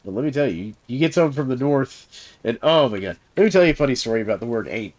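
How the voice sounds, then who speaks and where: A man's voice: mid-range voice, lively intonation, fast, a little mellow. A man with a Southern US accent chatting casually while streaming a game, rambling through stories with lots of fillers and chuckles. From Southern United States. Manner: rambling storyteller, heavy fillers, chuckles through his tale. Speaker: game streamer and server host. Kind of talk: casual chat while gaming on a live stream.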